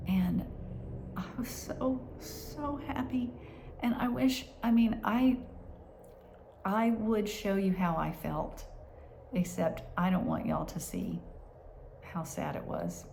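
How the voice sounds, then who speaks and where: A woman telling a personal story in a halting way, with many restarts and hushed asides. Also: fairly low pitch, gravelly, a little hiss or hum. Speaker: vlogger.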